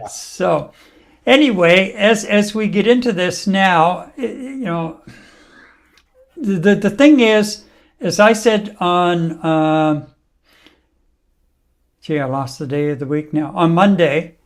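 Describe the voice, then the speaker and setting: A man's voice: sits high, takes it slowly, long pauses. A man hosting a talk show, chatting wryly and reading out listener comments. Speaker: host.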